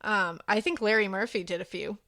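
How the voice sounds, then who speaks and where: A woman co-hosting a true-crime podcast in casual chat, blunt and quick to swear, laughing often. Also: medium pitch, sharp tone, no room sound, clean studio sound. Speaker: podcast co-host.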